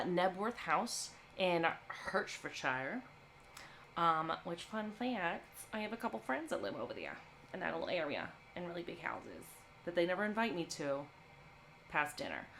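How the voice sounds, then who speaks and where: A woman's voice: fairly low pitch, very animated, measured pace, fairly bright tone, slight background noise. A woman hosting a live movie stream, talking to her chat in a playful, chatty way.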